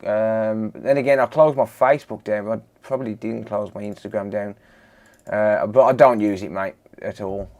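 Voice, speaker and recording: A man's voice: lowish voice, fairly even intonation, normal speed, a little mellow. A man hosting a live stream, greeting viewers one by one and bantering casually with his chat. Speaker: live-stream host, electronics repairer.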